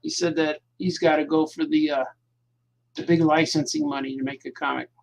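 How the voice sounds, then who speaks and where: A man's voice: on the high side, little pitch movement, normal speed, creaky, a little hiss or hum. A man, a cartoonist, chatting casually to his viewers at home at night while he draws, rambling and repeating himself as his thoughts drift. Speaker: cartoonist hosting his own show.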